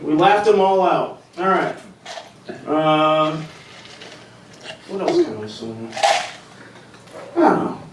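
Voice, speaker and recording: A man working through a stand-up set, rambling and self-deprecating, often tripping over his own words. His voice sits a little high. He sounds distant from the mic in a roomy, echoing comedy club, with a faint hum of ambience behind him. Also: expressive, takes it slowly, long pauses. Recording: echoey club sound from far off.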